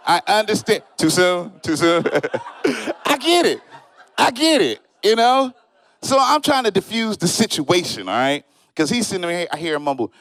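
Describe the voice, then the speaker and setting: A man doing a stand-up comedy set on stage, telling stories in an animated way and acting out the people in them. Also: sits high, normal speed, no room sound. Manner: animated storytelling, acts out friends and strangers in quoted voices. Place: comedy show stage, live audience.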